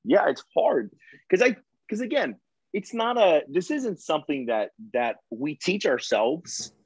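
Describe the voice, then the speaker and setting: Husky, animated man as a podcast guest. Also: high-pitched, measured pace, no room sound, rough recording. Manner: animated, acts out quotes in lively voices. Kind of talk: casual interview chat.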